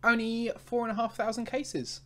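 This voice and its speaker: A man's voice: extremely high pitch, level tone, normal speed. A man co-hosting a casual podcast chat, laid-back and laughing easily. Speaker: podcast co-host.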